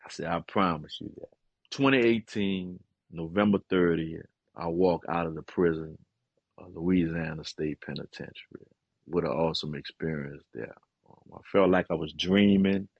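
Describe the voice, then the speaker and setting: A middle-aged man, a guest and author, giving an earnest and emotional personal testimony, often pausing with "man" and hesitating as he talks. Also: low-pitched, creaky, dry recording, muffled recording.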